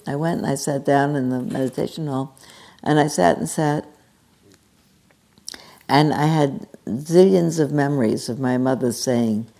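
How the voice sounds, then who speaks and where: A woman giving a gentle, halting dharma talk as a meditation teacher in a meditation hall, telling a story with many restarts. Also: low-pitched, gravelly.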